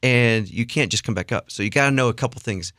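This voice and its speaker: A middle-aged man, a guest songwriter and worship leader, telling an animated, self-deprecating story with frequent restarts. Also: medium pitch, fast talker, dry recording, clean studio sound.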